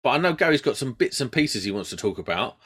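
A man hosting a casual chat show. He talks in a relaxed, teasing way and jokes with his guests. His pitch sits in an ordinary middle range. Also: quick pace, slightly rough. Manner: jokey, teasing banter. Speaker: podcast host.

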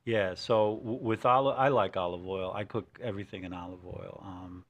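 A man with a somewhat low voice talks casually on a podcast. He tells stories animatedly, stumbling and restarting, and slips into quoted voices. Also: normal speed, muffled recording. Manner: animated storyteller, many restarts. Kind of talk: casual chat.

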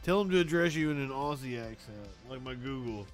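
A man's voice: medium pitch, lively intonation, a little fast, soft background music. A man co-hosting a casual comedy talk show, bantering, laughing and swearing freely. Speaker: co-host.

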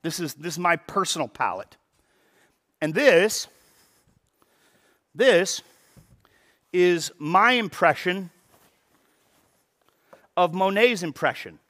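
A man preaching a sermon as pastor, animated, with rhetorical questions and repeated words as he starts his sentences. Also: sits high, slow pace, long pauses.

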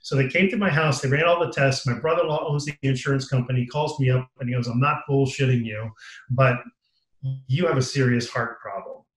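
A man's voice: mid-range voice, a little fast, reverberant, poor audio. A man telling a personal story as an interview guest, acting out what others said to him and becoming tearful as he relives it. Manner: animated storyteller acting out quoted dialogue, voice rising when moved. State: tearful, emotional. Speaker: guest, author.

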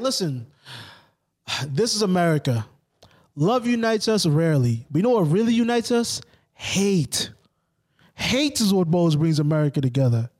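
A man co-hosting a casual podcast, joking and ranting in an animated, preachy way with lots of swearing. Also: high voice, moderate pace, long pauses. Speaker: podcast co-host. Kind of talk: casual profane podcast chat.

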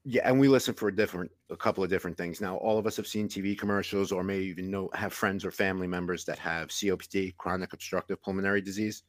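A middle-aged man with a New York accent, a longtime EMT co-hosting a casual podcast, plainspoken and animated. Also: deep voice, fast talker, few pauses, no room sound, studio quality. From New York City.

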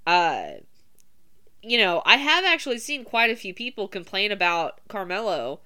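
A woman's voice: mid-range voice, sing-song, moderate pace, bright, forceful tone, clean tone. A woman co-hosting a podcast, chatting casually and animatedly over a remote call, swearing and laughing often. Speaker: podcast co-host. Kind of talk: casual wrestling podcast chat.

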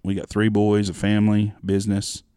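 A man's voice: on the low side, completely flat delivery, a little fast, dark tone, clear, resonant tone, dry recording, clean studio sound. A man in his forties, co-hosting a casual chat and telling rambling, profane stories. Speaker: podcast co-host.

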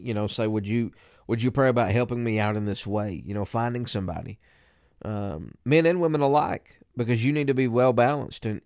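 A man with a fairly low voice speaks as a preacher teaching other preachers. He stumbles and repeats words with frequent fillers, then lifts his voice to read scripture with emphasis. The sound is dry and close, with no room echo. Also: a little mellow. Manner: reads scripture with rising emphasis.

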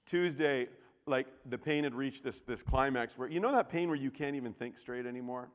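Man, pastor, sermon, mid-pitched voice, chatty, loud bursts and near-whispers, long reverb of a big church hall. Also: moderate pace. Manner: dramatic swings from loud outbursts to hushed near-whispers; conversational, with restarts and asides to the congregation. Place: church sanctuary.

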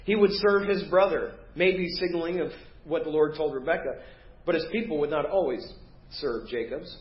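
A man preaching a sermon as pastor, animated and acting out the voices of the people in his story. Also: on the high side. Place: church sanctuary. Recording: roomy, dull church recording.

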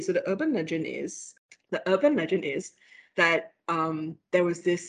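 A female lecturer with a Malaysian English accent and a low, slightly breathy voice appears as a guest, telling a ghost story in casual conversation. She's animated, laughs, and uses plenty of fillers.

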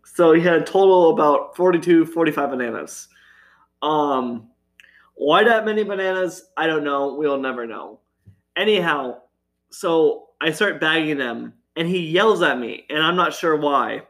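A man with a somewhat high voice talks casually and chattily, often pausing on fillers like "um". He laughs easily between stories about his old cashier job. His delivery is relaxed and conversational. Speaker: former grocery store cashier. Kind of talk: casual storytelling chat.

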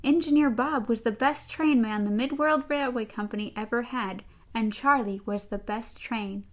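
A podcast co-host with a slightly high-pitched voice reads a storybook aloud at a normal pace. She keeps it casual, laughing through the reading and tossing in amused asides.

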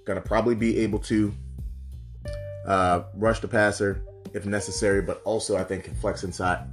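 A man's voice: on the low side, level tone, normal speed, soft background music. A man giving loose, conversational solo commentary on football draft picks, with frequent asides. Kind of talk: casual solo sports commentary.

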